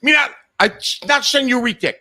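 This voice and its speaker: Guy putting on a whiny buyer voice, choppy broken talk, way up high. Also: animated, a little fast, pushed and bright, exaggerated voice. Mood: petulant. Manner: clipped, childish broken phrasing. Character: petulant male buyer in broken speech.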